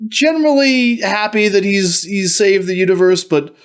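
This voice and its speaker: A man's voice: sits high, moderate pace, smooth. A man telling an improvised comic story on a podcast, easygoing with small hesitations. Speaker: podcast player.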